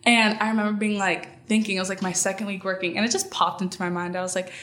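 A woman's voice: medium pitch, level tone, fast, fairly bright tone. A young woman on a podcast, telling stories in a casual chat, rambling with lots of fillers and frequent laughs. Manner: giggly, rambling storyteller with many fillers. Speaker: guest, friend.

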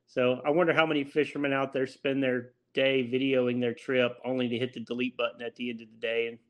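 Forties man, Louisiana accent, easygoing self-mocking guest, mid-pitched voice. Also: little pitch movement, brisk, highs cut off. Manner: laid-back, chuckling, self-deprecating. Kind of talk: casual interview chat.

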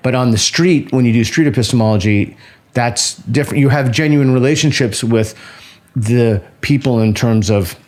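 A man in a played clip, explaining his view in an earnest, measured way. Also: mid-range voice, darkish tone.

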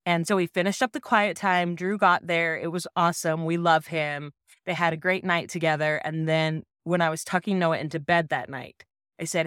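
Lady podcaster in her 30s, low-ish voice, dry close sound, soft and earnest. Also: normal speed, no room sound. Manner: gentle, earnest and reassuring. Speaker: podcast host. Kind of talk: personal story told on a parenting podcast.

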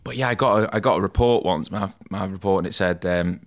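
A man with a low voice, talking easily and at length about his past. He fills his stories with "like" and "mate" and pokes fun at himself. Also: fast talker. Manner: chatty, self-deprecating, says "mate" and "like" a lot. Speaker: podcast guest, tattoo artist. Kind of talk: casual storytelling in an interview.

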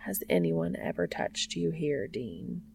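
A woman voicing an intense man with a hoarse, husky, wrecked voice who speaks slowly and seductively in a hushed tone. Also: medium pitch, very animated, a little hiss or hum, heavily acted.

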